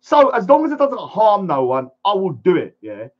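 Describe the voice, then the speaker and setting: A man's voice: sits high, wildly swooping pitch, moderate pace, lo-fi sound. A man ranting defiantly to camera, acting out pleading voices as he goes. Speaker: vlogger.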